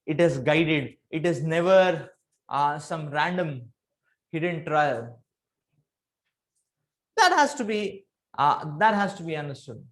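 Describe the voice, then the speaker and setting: In an earnest spiritual discourse that alternates between teaching and storytelling, a man with a distinctly high voice repeats phrases to hammer home his points. His pitch and loudness rise and fall dramatically.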